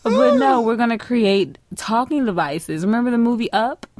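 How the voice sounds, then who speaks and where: A woman's voice: on the high side, wildly swooping pitch, normal speed, darkish tone, no room sound. Dry-sounding woman podcast co-host. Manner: responsive, frequent short agreements and laughter. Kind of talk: casual podcast chat.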